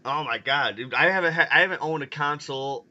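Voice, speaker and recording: A man's voice: a little high, brisk, sharp tone, highs cut off. A man from the US Midwest with a Chicago-area accent, nasal and getting over a cold, hosting a loose, profane casual chat. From Illinois, US Midwest. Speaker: podcast host.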